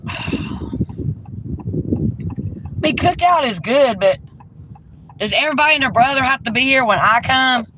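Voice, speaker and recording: A woman's voice: high-pitched, lively intonation, unhurried, long pauses, background noise. A woman ranting heatedly and profanely during a live stream, talking into a handheld phone from inside a car.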